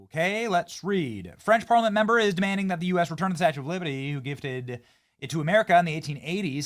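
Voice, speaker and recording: A man hosting casual political commentary, sarcastic and animated, swinging from loud hype to low mutters.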